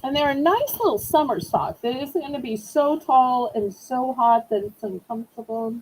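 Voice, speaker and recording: Chatty high Southern woman selling live. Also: animated, moderate pace, darkish tone, slight background noise, low-quality recording. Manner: chatty, playful, self-teasing. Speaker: online auction seller. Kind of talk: live-stream auction chat.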